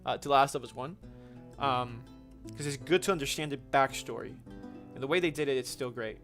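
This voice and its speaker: A man's voice: mid-range voice, brisk, fairly bright tone, faint music behind. Chatty young man on a gaming livestream. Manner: chatty, frequent restarts and laughs, slangy. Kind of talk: casual livestream chat answering viewer questions.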